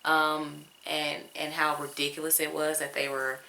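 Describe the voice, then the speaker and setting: A woman's voice: sits low, little pitch movement, unhurried, creaky, bright, forceful tone, slight background noise, rough recording. A woman vlogger telling a personal story to her viewers in a casual, rambling way. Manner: rambling, with fillers and rising emphasis.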